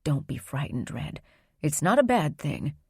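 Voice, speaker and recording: A woman voicing a calm, secretive grandmother who speaks in a soft, low, soothing way. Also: measured pace, breathy edge, no room sound, studio quality, heavily acted.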